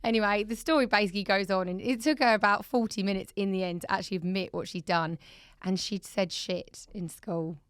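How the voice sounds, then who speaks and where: A woman, co-hosting a casual podcast and telling a story with lively acted-out quotes. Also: medium pitch, brisk, clear, resonant tone, dry recording, clean studio sound. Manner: animated storyteller, acts out voices in quotes. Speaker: podcast co-host. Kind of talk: casual chat.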